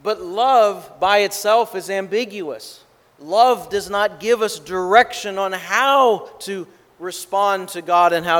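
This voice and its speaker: Slow, high-voiced male preacher in a reverberant hall. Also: fairly bright tone. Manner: measured, emphatic delivery. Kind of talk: sermon.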